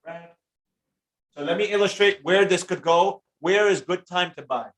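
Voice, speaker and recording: An energetic man with a fairly high voice runs a live trading lesson and answers chat questions as they come in. He talks in a slangy, hyped-up way and shouts out viewers by name. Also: moderate pace. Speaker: trading teacher hosting a live stream. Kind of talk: live-stream Q&A reading chat comments.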